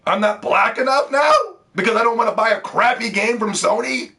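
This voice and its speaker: Guy ranting about consoles, cussing a lot, kinda high voice, stumbles over words. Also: a little fast, gravelly, pushed and bright. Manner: heated, profane, repeats words when worked up. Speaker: gaming video host. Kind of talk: ranting video commentary.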